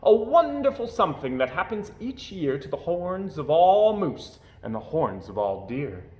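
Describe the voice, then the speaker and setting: A man reading a rhyming picture book aloud with an expressive, rhythmic delivery. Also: fairly high pitch, measured pace. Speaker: storyteller. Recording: echoey room.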